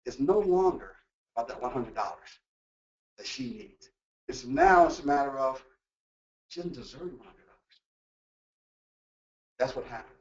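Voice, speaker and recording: A man presenting a motivational workplace talk, animated and full of rhetorical questions. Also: medium pitch, a little slow, long pauses. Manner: animated, acts out quoted voices and asks rhetorical questions. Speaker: workshop presenter. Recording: echoey room, distant mic, dull lo-fi sound.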